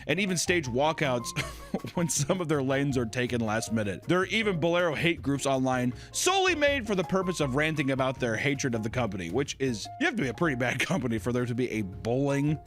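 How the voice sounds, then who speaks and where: A man hosting a casual commentary video, swearing freely, laughing often and breaking into loud outbursts. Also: medium pitch, very animated, fairly quick, faint music behind. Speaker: host.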